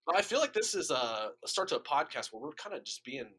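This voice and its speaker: Chatty Midwestern man, bright lively voice. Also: a little high, fast talker, slightly rough. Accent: Midwestern American. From Kansas City area, USA. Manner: chatty, full of "like" fillers. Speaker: podcast co-host. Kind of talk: casual podcast chat.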